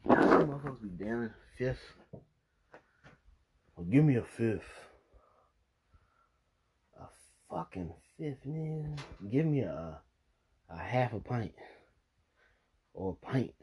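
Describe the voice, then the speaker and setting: A man's voice: medium pitch, animated, takes it slowly, pauses often, a little mellow, husky. A young man vlogging, telling a rambling, profane drinking story and laughing at himself. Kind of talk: casual storytelling monologue.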